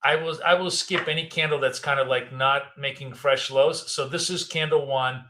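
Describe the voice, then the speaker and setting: In a forceful, bright mid-range voice with fairly even intonation and a moderate pace, an older man gives live trading commentary. A trading educator in his fifties or beyond, he is a native Russian speaker with a Russian accent, and his delivery is casual and rambling, like thinking aloud.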